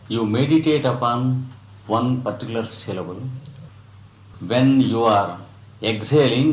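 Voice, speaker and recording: A man guiding a breathing practice as a yoga teacher, speaking in slow, measured phrases with long pauses between them. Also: medium pitch, reverberant, low-quality recording. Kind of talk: guided breathing instruction.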